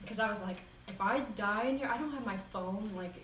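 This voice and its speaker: A woman's voice: medium pitch, brisk. Laughing woman telling a story in a roomy room. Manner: animated, laughs often. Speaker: vlogger. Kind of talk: casual storytelling. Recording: roomy echo, distant mic, faint noise.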